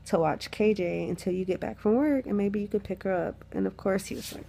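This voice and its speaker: Sick young woman with a gravelly voice. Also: medium pitch, moderate pace, mellow. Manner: chatty and candid, swears freely, laughs often. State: sick with the flu, lying down. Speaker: vlogger telling a story. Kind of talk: casual storytime chat. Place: lying in a bed at home. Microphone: phone.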